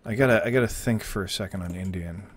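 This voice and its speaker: A man's voice: lowish voice, fast, slight background noise. A man chatting casually on a live stream while gaming, rambling and joking as he slips in and out of put-on accents.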